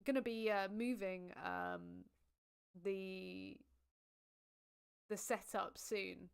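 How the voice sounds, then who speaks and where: A woman's voice: medium pitch, steady tone, extremely slow, vocal fry, smooth. A woman hosting a casual livestream, chatty and giggly as she thanks viewers and reads comments. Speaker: livestream host.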